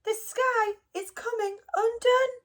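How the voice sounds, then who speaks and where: A woman voicing an excitable, timid little male mouse in a squeaky, anxious voice for a storybook. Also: slow. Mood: frightened. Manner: breathless and anxious.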